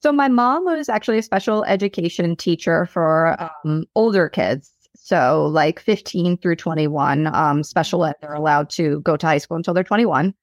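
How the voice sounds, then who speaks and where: A young woman from Long Island with a light New York accent, chatting relaxed and self-deprecating as an author guest over a video call. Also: deep voice, normal speed, few pauses, no room sound, studio quality. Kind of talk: casual interview chat.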